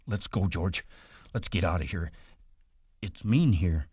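A man voicing a big simple-minded farmhand who pleads in a childlike way, raising his pitch above his own. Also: measured pace, a little mellow, slightly rough, dry recording, clean studio sound. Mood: pleading.

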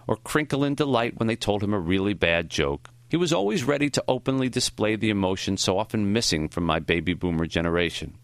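A man narrating a first-person memoir audiobook in a reflective, measured way. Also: sits low, clean tone, no echo.

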